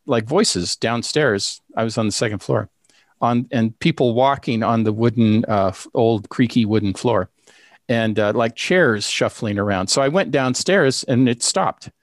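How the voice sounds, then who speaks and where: A man telling a personal story in a casual, halting way, with many fillers and restarts. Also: mid-range voice, dry recording, studio quality. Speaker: storyteller recounting a ghost experience. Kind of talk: casual spoken anecdote.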